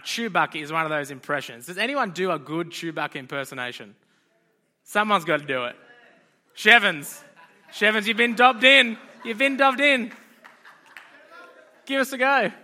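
A man's voice: sits high, pushed and bright. A young man giving a casual, joking talk to a youth group as its leader. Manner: chatty, joking, loose and informal.

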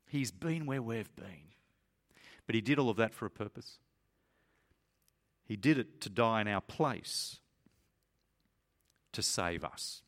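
A man preaching a sermon, earnest and emphatic, who reads a story aloud to his listeners. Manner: earnest and emphatic, climbing higher when stressing points.

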